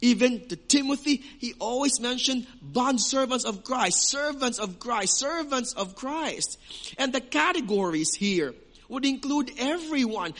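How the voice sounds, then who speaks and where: A man's voice: very high voice, lively intonation, unhurried, fairly bright tone. A man preaching a sermon as pastor, emphatic, with rhetorical questions.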